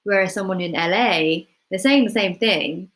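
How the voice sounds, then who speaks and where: A woman tutoring students in playwriting. She explains things in a casual, relaxed way, with lots of ums and hedging. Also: mid-range voice, normal speed, rough recording. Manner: relaxed, full of ums and hedges. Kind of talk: casual instructional talk to students.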